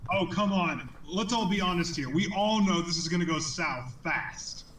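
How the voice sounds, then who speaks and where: A man's voice: high-pitched, lively intonation, moderate pace, fairly bright tone, slight background noise. A man playing a tabletop game, eager and joking in character. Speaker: player.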